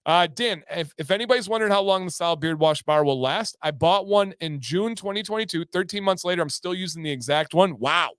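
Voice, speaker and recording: A man hosting a casual livestream, reading viewer comments in an upbeat, excitable way with sudden loud whoops. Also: sits high, brisk, hardly any pauses, clean tone, no echo, studio quality. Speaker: livestream host.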